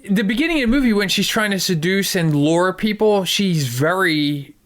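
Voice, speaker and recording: A man's voice: high-pitched, lively intonation, moderate pace, fairly bright tone. A man co-hosting a casual film podcast, thoughtful and talking through his ideas at length. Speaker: podcast co-host.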